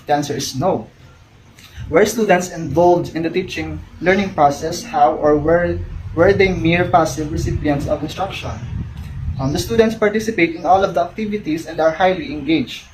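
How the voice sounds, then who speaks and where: A woman's voice: deep voice, a little mellow. A young woman, an education student reading out questions from her field study report and answering them, often restarting cut-off words. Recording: noisy recording with ambient noise and birds.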